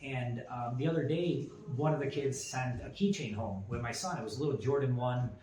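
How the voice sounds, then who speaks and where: A man's voice: mid-range voice, a little fast, darkish tone. A man in his forties tells a personal story on a podcast in a mid-range voice. He rambles, doubling back with fillers and restarts. The room is echoey, with a faint ambient hiss underneath. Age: 40s. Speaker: podcast co-host. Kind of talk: casual chat. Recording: roomy echo with faint ambient noise.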